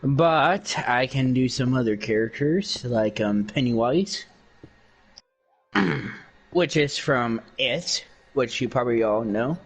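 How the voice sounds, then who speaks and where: A young man with a medium-pitched voice talks slowly and casually while gaming. He's a streamer doing impressions, boastful and rambling, with plenty of fillers.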